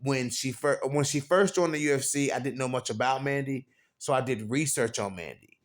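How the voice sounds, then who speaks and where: A man's voice: mid-range voice, normal speed. A man hosting his own fight commentary channel, talking casually in slang and repeating "you know what I'm saying" as he breaks down an upcoming bout. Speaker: MMA commentary host.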